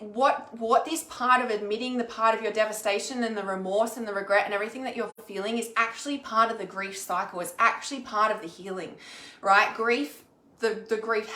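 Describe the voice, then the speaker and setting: A fairly high-voiced woman speaks to her viewers in an echoey room. She is frank and sweary, and she keeps checking in with "okay?" as a healer sharing her own experience. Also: a bit bright. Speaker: intuitive healer and mentor. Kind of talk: casual, candid vlog talk to viewers.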